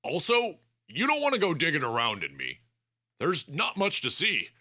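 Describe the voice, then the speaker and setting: Brief: narrator playing a flippant young man strapped to a table, sarcastic bluster, voice raised and bright. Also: fairly high pitch, wildly swooping pitch, normal speed, voice pushed up, full character voice. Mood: bluffing. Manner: sarcastic, bluffing. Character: wry captive young man, flippant under threat.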